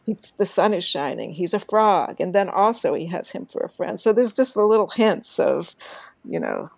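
A woman in a casual book chat, talking in an animated way and reading passages aloud. Her voice is lowish and gravelly. The sound is dry and close. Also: moderate pace, dry recording.

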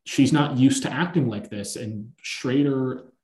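A man hosting a podcast, chatting casually about films and telling long, animated anecdotes. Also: mid-range voice, measured pace. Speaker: podcast host. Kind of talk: casual film-discussion chat. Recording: echoey room.

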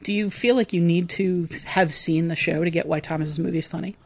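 A woman's voice: lowish voice, fairly even intonation, a little fast, creaky. A woman hosting a film discussion podcast, reading prepared commentary and then opening it up to her co-hosts. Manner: opens with scripted-sounding essay read-out, then asks others. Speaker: podcast host.

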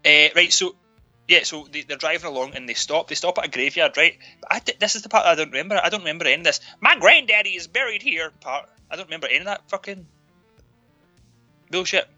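Sweary, bright-voiced Scottish man ranting. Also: on the high side, quick pace, highs cut off, faint music behind. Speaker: podcast co-host. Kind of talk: casual film-review chat.

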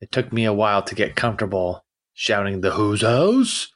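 A man's voice: on the low side, steady tone, fast, a bit bright. A man co-hosting a sports podcast, speaking in a laid-back, somewhat hesitant way. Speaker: podcast co-host. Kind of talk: casual sports chat.

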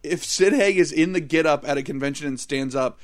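A man's voice: on the high side, fairly quick. A man co-hosting a casual film-review podcast, leading the talk with crude, irreverent jokes. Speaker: podcast co-host.

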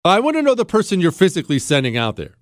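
An indignant man rants through political commentary, firing off rhetorical question after rhetorical question. His voice sits high and leaps about with energy. The sound is dry and close, with no room around it. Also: huge pitch swings, fast talker, no room sound. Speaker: podcast host.

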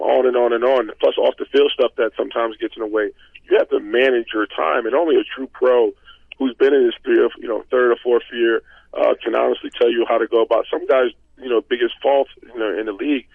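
Gravelly man on a phone line. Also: medium pitch, no echo. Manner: conversational storyteller, many fillers. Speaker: guest, former football lineman. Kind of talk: casual interview talk.

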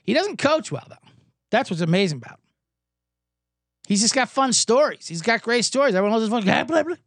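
A hoarse male podcast host rants with sarcasm and profanity, his pitch leaping around animatedly. His delivery swings between mock enthusiasm and grumbling. The sound is dry and close-miked. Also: very animated, fairly quick, fairly bright tone, dry recording. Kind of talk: comedic sports betting podcast.

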